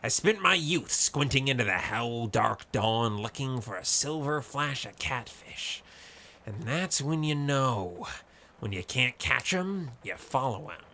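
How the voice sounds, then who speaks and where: A man's voice: medium pitch, animated, unhurried, sharp tone. A man doing an urgent, eager fisherman. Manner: urgent, earnest. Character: eager male fisherman sailor.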